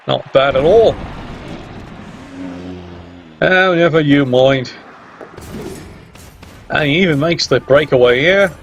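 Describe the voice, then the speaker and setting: A man's voice: fairly high pitch, creaky. A man commentating a video game match in a sarcastic, teasing way. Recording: dull lo-fi mic with faint hiss.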